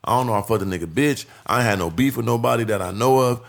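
A man telling a story as a podcast guest in animated street slang, full of profanity, acting out what people said. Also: mid-range voice, fast talker, creaky. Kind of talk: casual storytelling.

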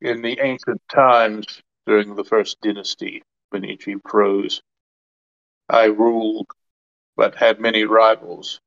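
A man voicing an ancient male Egyptian god bound in a mask, speaking in a grave, measured way. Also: on the low side, level tone, a bit bright, dull audio. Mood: solemn.

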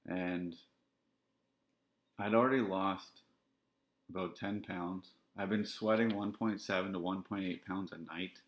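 Guy, really low voice, thoughtful halting podcast storytelling, kinda muffled audio. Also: fairly even intonation, gravelly. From Canada. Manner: reflective, halting, candid. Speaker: podcast host. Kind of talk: personal storytelling monologue. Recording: dull lo-fi sound.

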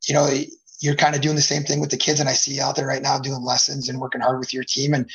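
A man's voice: mid-range voice, monotone, quick pace, fairly bright tone, low-quality recording. A middle-aged man, a hockey coach, chatting as a podcast guest and rambling with many fillers and restarts. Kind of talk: casual podcast chat.

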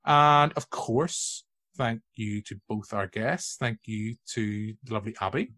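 A man's voice: fairly low pitch, unhurried, sharp tone. Man, podcast host, casual rambling chat, jokey. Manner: rambling, jokey, puts on silly voices in asides.

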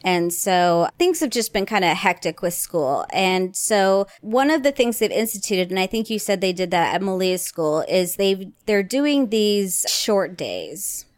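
A woman's voice: medium pitch, a little slow, few pauses, dry recording. A woman in her thirties, a podcast co-host telling a story in casual chat and acting out the people she quotes. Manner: animated storyteller, acts out quoted voices.

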